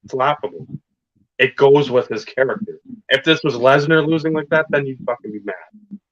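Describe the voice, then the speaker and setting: A podcast co-host with a medium-pitched, fairly bright voice rambles casually about wrestling at a moderate pace, swearing often and hammering his points home. The recording is dry, with a dull lo-fi sound.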